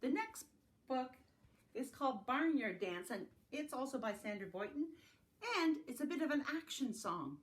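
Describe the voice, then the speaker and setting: A woman reading farm-animal picture books aloud to young children in a slow, sing-song storytime manner, adding animal sounds along the way. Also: sits high, sing-song. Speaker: family literacy facilitator. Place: home, recorded for an online circle.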